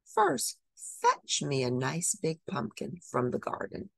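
A woman voicing a kind, plump little fairy godmother in a storybook, gentle and a bit fussy. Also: low voice, huge pitch swings, slow, creaky, no room sound, full character voice. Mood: kindly.

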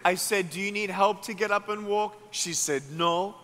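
A man with an Australian accent, preaching a sermon as an evangelist and telling a story, acting out each person's words and building to loud climaxes. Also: sits high, normal speed, a crowd in the background, noisy background. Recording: long hall reverb.

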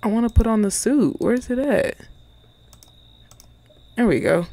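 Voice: mid-range voice, very animated, measured pace, gravelly, long pauses, dark tone. A person giving casual, playful commentary while playing a video game, cracking jokes and talking back to the characters in slang. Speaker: gaming channel host.

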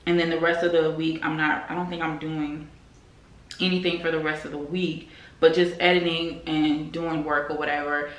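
Young woman vlogger, lowish voice, chatty and casual, roomy echo from her apartment. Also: flat delivery, moderate pace. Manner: chatty, lots of "like" and "girl". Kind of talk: casual chat to camera. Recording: echoey room.

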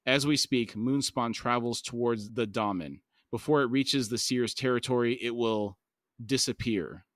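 A man reading aloud from a fantasy novel, voicing a confident warlord who lays out war plans in a commanding, measured way. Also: medium pitch, no room sound, clean studio sound, lightly acted. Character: confident male warlord, grinning strategist.

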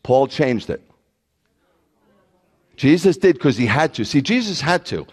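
A man preaching a sermon as a rabbi, animated and mocking the voices of his critics. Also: mid-range voice, measured pace, slightly rough, big-room sound.

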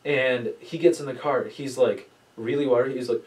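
A man hosting a casual podcast, telling a rambling story, swearing often and acting out the quotes with lively voices. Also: medium pitch, normal speed, few pauses, distant mic, low-quality recording. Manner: rambling storyteller, swears a lot, animated quoting. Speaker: podcast host. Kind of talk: casual chat.

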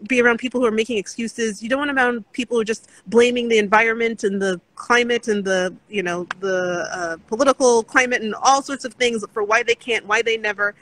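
A woman's voice: on the high side, fairly even intonation, a little fast, few pauses, fairly bright tone, rough recording. A woman co-hosting an interview podcast, talking in an earnest, encouraging way about faith and support, with many restarts. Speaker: podcast co-host. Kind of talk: casual interview chat.

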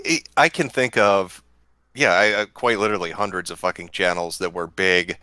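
Man, lowish bright voice, sarcastic crude stream host, dry sound. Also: normal speed, smooth, no echo, low-quality recording. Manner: crude, sarcastic, deadpan jokes. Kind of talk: casual livestream chat. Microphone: desk mic with mechanical buzz.

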